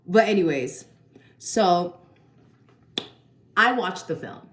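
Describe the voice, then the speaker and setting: A woman's voice: deep voice, a little slow, pauses often. A woman giving a casual, chatty film review full of slang and swearing. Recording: echoey room.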